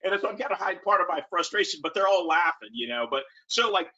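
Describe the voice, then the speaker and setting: A man who coaches, telling animated stories in a casual webinar talk. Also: high-pitched, fast. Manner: animated storytelling. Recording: muffled lo-fi call audio.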